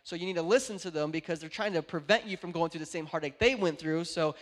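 A young man with a notably high voice preaches a sermon inside a church. He drops to a quiet, confiding tone for stories, then climbs back up to loud, shouted exhortation. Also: fast talker. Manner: swings from hushed storytelling to loud shouted exhortation. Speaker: pastor. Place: indoor church.

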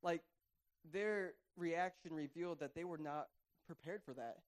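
A man with a high voice preaches to his congregation. His delivery is animated and conversational, full of playful asides to the crowd. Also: unhurried. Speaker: pastor. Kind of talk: sermon.

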